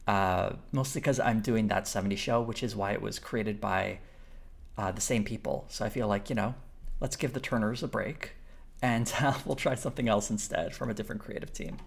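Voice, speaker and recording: A man's voice: medium pitch, creaky. A man hosting a live stream, chatting casually and thinking aloud as he reads viewer comments. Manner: rambling, thinks aloud, with fillers and restarts while reading chat.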